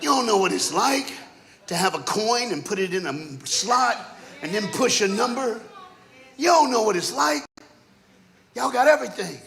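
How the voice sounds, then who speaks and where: A man with a high, bright, ringing voice preaching from a church stage. He tells comic family stories in short, punchy bursts. He slips into the voices of the people in them as he goes. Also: normal speed, vocal fry, pauses often. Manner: animated, punchy storyteller who acts out family characters. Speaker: guest preacher. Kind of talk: comedic storytelling sermon.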